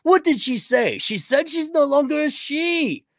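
With a very high voice and big pitch swings, a man hosts a casual livestream at an unhurried pace. He reads viewer donations aloud and riffs on them with sarcastic, rambling commentary, in studio-quality audio with no room sound.

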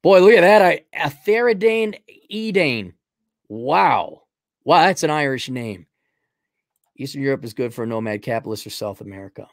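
A man's voice: medium pitch, lively intonation, moderate pace, dry recording, clean studio sound. A man hosting a livestream, giving blunt, rambling, sarcastic opinions in casual talk. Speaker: livestream host.

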